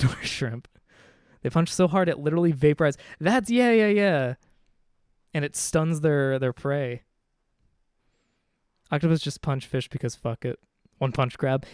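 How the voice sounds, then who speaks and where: A man streams a video game, chatting casually, joking with viewers, and reading game dialogue aloud as he plays. His voice is mid-range, smooth, and a little mellow. The studio-quality recording has no room sound, just faint game music behind him.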